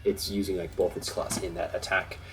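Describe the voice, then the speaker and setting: A man narrating as game master in a relaxed, easygoing way. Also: low-pitched, fairly quick, over music, poor audio.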